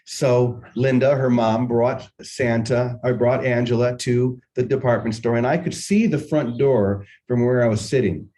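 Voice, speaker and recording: Mellow-voiced older man telling a story. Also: mid-range voice, low-quality recording. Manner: unhurried, musing, with gentle humor. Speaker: spiritual teacher hosting a morning session. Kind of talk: reflective spiritual talk with storytelling.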